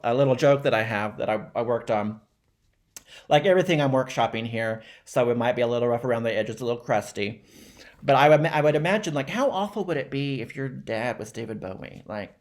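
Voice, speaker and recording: A man talking in a casual, rambling monologue, trying out a rough joke with fillers and self-deprecating laughs. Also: medium pitch.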